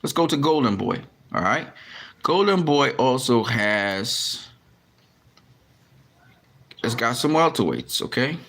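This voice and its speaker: A man's voice: mid-range voice, big pitch swings, slow, creaky, long pauses, fairly bright tone. A man talking casually to his camera about boxing, often frustrated and swearing, with lots of restarts and fillers. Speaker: boxing commentary vlogger.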